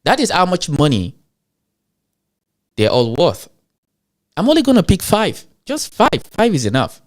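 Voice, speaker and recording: A man with an African accent hosting a show, talking to his audience in an animated rant full of rhetorical questions. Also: a little high, a little slow. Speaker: show host. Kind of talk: animated ranting commentary.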